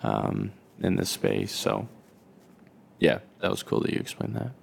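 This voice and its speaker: Male podcast co-host, easygoing faith chat. Deep voice with audible fry. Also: sing-song, measured pace. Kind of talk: casual faith conversation.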